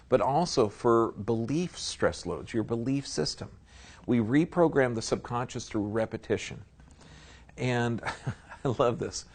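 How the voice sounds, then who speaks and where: Male seminar speaker, mid-pitched, folksy and emphatic, talking live to a room of listeners and keeps asking if they follow. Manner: folksy, emphatic, often checks in with the audience. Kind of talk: live seminar lecture to an audience.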